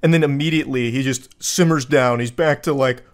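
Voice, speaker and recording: A man's voice: mid-range voice, steady tone, brisk. A man giving sarcastic, exasperated commentary while reading out text messages, often breaking into laughter.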